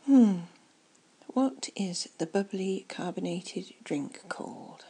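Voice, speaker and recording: A woman doing a whispered ASMR chat, soft and rambling as she muses aloud. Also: medium pitch, expressive, takes it slowly, husky, low-quality recording.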